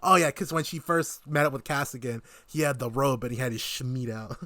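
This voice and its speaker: A man's voice: mid-range voice, fairly quick, no echo. A man co-hosting a casual podcast, retelling a TV season from his notes with lots of laughs. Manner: animated, reads out his notes in quotes, laughs often. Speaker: podcast co-host. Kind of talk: casual chat reviewing a TV season.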